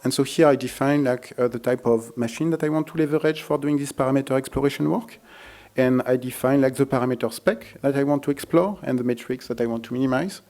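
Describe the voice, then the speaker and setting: A man presenting a live technical demo at a conference, speaking haltingly with many fillers and restarts. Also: medium pitch, darkish tone. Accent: French.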